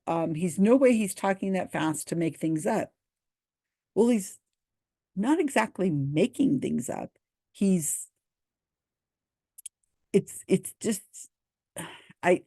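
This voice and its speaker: A woman's voice: fairly low pitch, slow pace, long pauses, warm tone, dry recording. A woman casually commenting on video comments, reading them aloud and answering in a dry, skeptical way.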